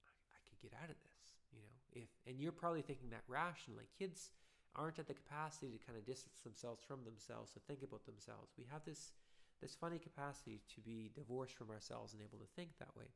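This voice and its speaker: Gravelly-voiced father giving earnest advice. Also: medium pitch, fast talker, fairly bright tone. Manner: earnest, rambling, uses everyday comparisons. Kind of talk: casual spoken talk.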